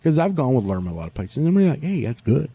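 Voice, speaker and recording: Profane, animated man, mellow voice. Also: medium pitch, quick pace, husky. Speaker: barbecue pitmaster, guest. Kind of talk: casual interview talk.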